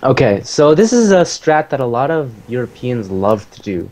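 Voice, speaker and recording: Male, mid-pitched, casual game commentary, explanatory and relaxed, faint background noise. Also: moderate pace. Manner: relaxed, explanatory, many fillers. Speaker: player commentating his own game.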